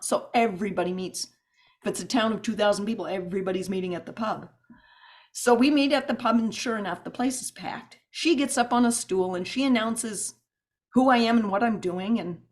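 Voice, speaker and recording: Woman, podcast guest, animated storytelling, rambling asides, mid pitch. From United States.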